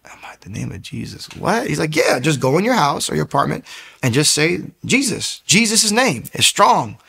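A man's voice: a little high, sing-song, fairly quick, vocal fry, fairly bright tone, husky. A man telling his personal faith testimony in a casual, storytelling way, acting out the voices of people he quotes and often repeating words as he goes. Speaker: testimony speaker.

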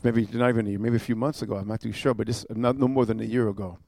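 A man with a fairly low, vocal-fried voice races through a fiery sermon, firing off rebukes and rhetorical questions punctuated by repeated "amen" and "huh." His intonation stays fairly even as he swings between quiet storytelling and loud warnings, and the recording has no echo.

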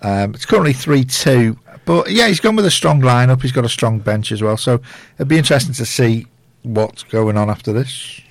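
A man's voice: medium pitch, expressive, moderate pace, creaky, hardly any pauses, no echo. A man co-hosting a local radio show, chatting casually and easygoing. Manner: easygoing, brief replies. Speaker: radio co-host.

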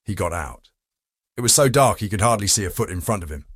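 Lowish guy reading a crime audiobook, steady, measured, dry close sound. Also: breathy edge, no room sound. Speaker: narrator. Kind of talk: audiobook narration.

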